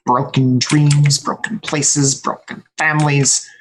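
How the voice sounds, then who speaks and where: A man voicing a brooding, weary male survivor muttering slowly to himself. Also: on the high side, flat delivery, a little hiss or hum. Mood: bitter. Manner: slow, bitter muttering.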